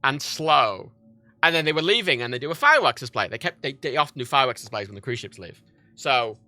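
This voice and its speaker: Guy chatting on his stream, all over the place pitchwise, swears a lot, keeps restarting sentences. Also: pushed and bright, dry recording. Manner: rambling, profane, self-interrupting. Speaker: livestreamer. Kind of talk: casual rambling chat.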